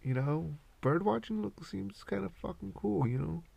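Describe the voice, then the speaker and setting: A man's voice: sits high, expressive, moderate pace, gravelly, a little mellow, husky, no room sound. A man hosting a podcast, rambling casually and swearing constantly in a laid-back way. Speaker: podcast host.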